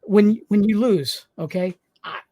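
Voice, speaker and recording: A man's voice: sits high, a little slow, warm tone. A man who hosts a game show, telling stories as a podcast guest, acting out voices and laughing often. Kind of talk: casual podcast interview.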